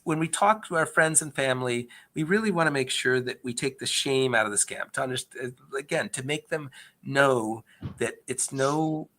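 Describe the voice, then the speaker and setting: Speaking at normal speed with a medium pitch and a fairly bright tone, a man from a government agency takes questions on investor fraud. The format is a conversational Q&A presentation, and he explains things earnestly, often beginning his sentences again.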